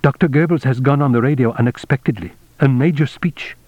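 A man reading as an excitable male consulate secretary, delivering his news eagerly and quickly. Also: medium pitch, dry recording, voice pushed up, lightly acted. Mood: excited. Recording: dull, dry lo-fi audiobook recording.

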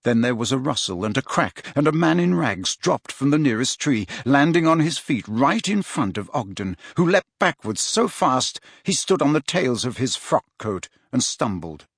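An audiobook narration by a man with a voice of middling pitch. He reads in a measured, expressive way, with dry close miking and no room sound. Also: breathy edge, no echo. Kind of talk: scripted narration.

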